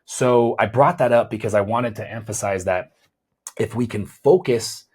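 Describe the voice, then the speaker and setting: A man with a husky, slightly breathy voice hosts a health podcast and explains his approach as a chiropractor and weight loss coach. He talks things through out loud, often restarting with repeated words and tagging "right?" onto his points. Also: fairly low pitch, moderate pace. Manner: repeats words while thinking, often adds a questioning "right?".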